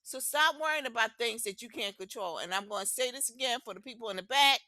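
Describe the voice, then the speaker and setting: A woman's voice: fairly high pitch, fast talker, pushed and bright, no echo. A woman co-hosting a podcast, talking in a blunt, emphatic way and swearing freely. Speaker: podcast co-host. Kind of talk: casual opinionated chat.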